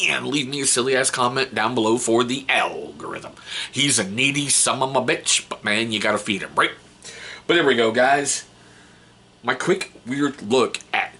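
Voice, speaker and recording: A man hosting a casual hobby vlog, rambling and excitable, and swearing casually. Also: medium pitch, moderate pace, a little hiss or hum. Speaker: hobby channel host.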